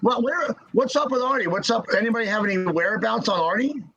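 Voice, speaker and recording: A man telling stories as a podcast guest in casual chat, halting and repeating words as he restarts. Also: sits high, vocal fry, sharp tone, slightly rough, muffled recording.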